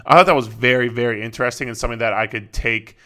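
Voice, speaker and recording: Young fitness coach guy rambling on his podcast, swears a lot, bright forward voice. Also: medium pitch, steady tone, fast talker. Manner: profane, rambling, with frequent fillers and restarts. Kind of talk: casual podcast monologue.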